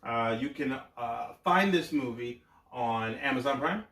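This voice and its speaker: Lively man with laughing banter. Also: medium pitch, unhurried, far from the mic. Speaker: podcast co-host. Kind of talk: casual chat. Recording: echoey room, away from the mic.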